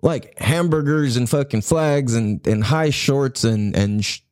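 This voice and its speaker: A man's voice: medium pitch, a little mellow, no echo, studio quality. A man in a casual, rambling monologue who swears a lot, laughs often and keeps checking in with his listener. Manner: rambling, profane, laughing, slips into quick impressions.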